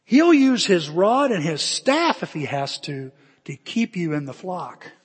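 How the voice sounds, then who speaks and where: A man preaching a sermon through animated stories, acting scenes out with sudden shouts. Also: high voice, measured pace, slightly rough. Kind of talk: storytelling sermon. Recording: long reverb of a large hall.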